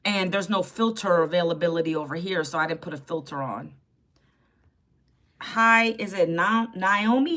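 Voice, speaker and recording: Speaking slowly and pausing often, this fifties-aged woman has a fairly low voice with a sharp tone. She's a livestream host on a phone microphone, running a casual stream where she chats, sasses, greets viewers by name, and answers the chat.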